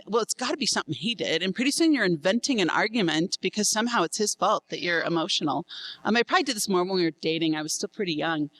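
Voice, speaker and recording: A middle-aged woman speaks frankly to a room of couples, sprinkling in laughing asides. Her voice sits a little on the high side. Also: a bit bright, rough recording. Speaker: seminar speaker. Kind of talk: candid talk to couples.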